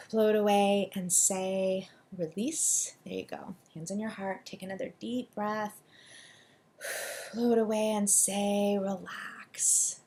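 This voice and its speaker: A woman coaching listeners through an EFT tapping session, giving quick, soothing directions and leading affirmations for them to repeat. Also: mid-range voice, steady tone, warm tone. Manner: deliberately quick delivery.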